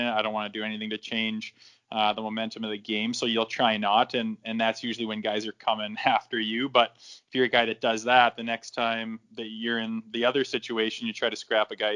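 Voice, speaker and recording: A man's voice: lowish voice, a bit bright. A man in his thirties, a former hockey enforcer, swearing freely and acting out the dialogue while telling stories as a podcast guest. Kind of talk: casual storytelling in a podcast interview.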